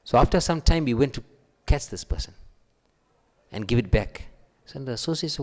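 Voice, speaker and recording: A man giving a sermon, telling stories and acting out the quoted voices with a raised pitch. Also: animated, normal speed. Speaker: preacher. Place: temple hall. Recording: long hall reverb.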